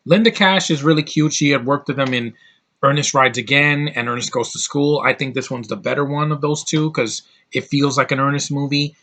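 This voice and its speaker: A man's voice: mid-range voice, fairly even intonation, brisk, pushed and bright. A man giving a casual, rambling movie review, with lots of fillers and restarts.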